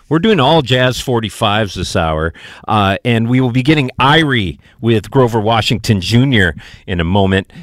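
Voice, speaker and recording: This is live radio DJ patter from a studio: a man with a mid-range voice, a little out of breath, casually asks jazz-show listeners for donations, his talk loose and full of fillers. The recording is dry.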